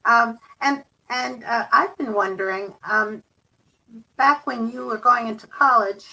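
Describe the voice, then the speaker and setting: A woman with a bright, crisp voice asks a guest questions, some of them read out from viewers. She sounds set back from the microphone and pauses on small fillers before each question. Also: a little high, far from the mic, rough recording. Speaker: interviewer. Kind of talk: interview questions.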